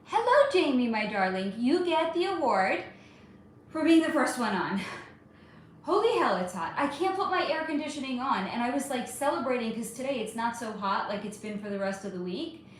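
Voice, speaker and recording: Hosting a casual livestream, a Californian woman in her thirties greets viewers by name and calls them honey and darling. Her voice sits on the high side at a normal speed, warm and chatty, animated throughout. The room is very echoey, with faint ambient noise.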